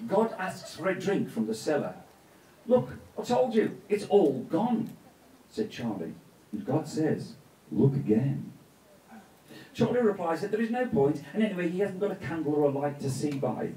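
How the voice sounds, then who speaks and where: A man's voice: a little high, very animated, moderate pace, darkish tone. A man telling a tale live on a festival stage, playful, with joking asides, heard from a distant mic in a roomy venue. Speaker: storyteller. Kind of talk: live storytelling performance.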